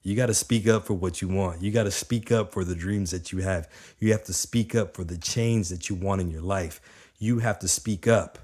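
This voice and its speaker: Deep-voiced man giving a motivational talk. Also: moderate pace. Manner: energetic, conversational, keeps checking in with the listener. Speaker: motivational speaker.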